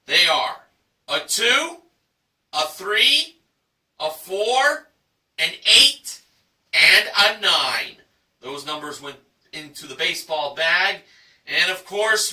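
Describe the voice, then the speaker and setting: A man hosting a game show recap, reading the results in a showy announcer style with drawn-out shouted prices. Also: high-pitched, echoey room, recorded from a distance. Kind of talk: enthusiastic scripted recap narration.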